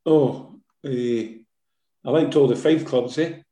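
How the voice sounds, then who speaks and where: A man's voice: medium pitch, takes it slowly, dark tone. Older Scottish man, chatty in a roomy space. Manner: chatty, tag questions, many fillers. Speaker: former footballer, guest. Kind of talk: casual interview storytelling.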